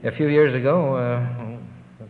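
In this interview recording, his mid-range voice carries slight background noise as the older relief worker rambles earnestly through tales of working overseas, stopping now and then. It's captured on thin, low-fidelity tape that rings with lengthy reverb.

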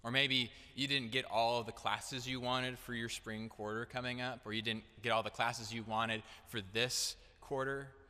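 Young male preacher, earnest sermon delivery, bright tone, long hall reverb. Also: medium pitch, little pitch movement, measured pace, few pauses, clear, resonant tone. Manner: earnest, direct, building to emphatic declarations. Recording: echoey hall.

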